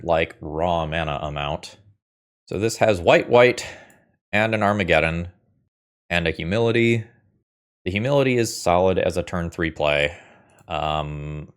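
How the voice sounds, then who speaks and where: A man giving casual, wry commentary while playing a card game, thinking aloud and cursing at setbacks. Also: deep voice. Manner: wry, thinks aloud, swears when frustrated. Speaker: gaming video host.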